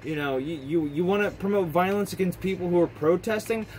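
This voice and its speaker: A man's voice: high-pitched, a little fast, a little mellow, slight background noise, low-quality recording. A man vlogging an angry, profane rant, heated and repetitive, swearing often.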